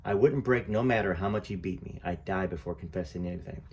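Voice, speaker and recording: A man's voice: deep voice, fast talker, a little mellow, a little hiss or hum. A man reading a memoir aloud as a channel host, chatty, with fillers and self-corrections. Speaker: book reader and channel host.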